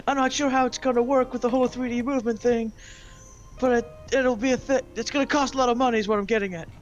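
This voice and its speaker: A man's voice: extremely high pitch, steady tone, quick pace, dull audio, pitched above the performer's own voice. A man putting on an American accent to voice a brash, blustering politician in a joking impression. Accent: put-on American. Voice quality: raised, boastful delivery. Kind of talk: mock impression in casual gaming chat.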